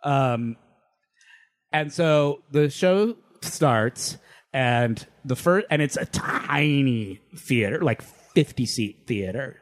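A man casually telling a story among friends, animated, laughing often and restarting sentences. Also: medium pitch, takes it slowly.

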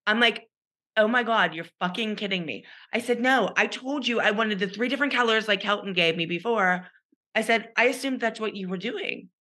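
Bright-voiced woman telling a story. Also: on the high side, a little fast. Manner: animated retelling with quoted voices. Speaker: podcast co-host. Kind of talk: casual storytelling chat.

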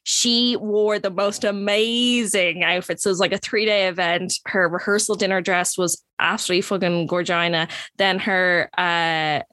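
A woman's voice: lowish voice, fairly even intonation, normal speed, few pauses, sharp tone, no room sound. A young Irish woman co-hosting a podcast, telling a story in a chatty way, with lots of "like" and frequent laughter. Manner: chatty storyteller, heavy use of "like", laughs often. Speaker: podcast co-host. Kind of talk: casual chat.

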